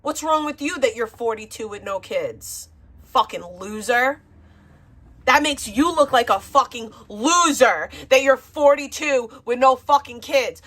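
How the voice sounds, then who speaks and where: A woman's voice: fairly high pitch, lively intonation, unhurried, fairly bright tone. A woman in a heated livestream argument who hurls insults and name-calling.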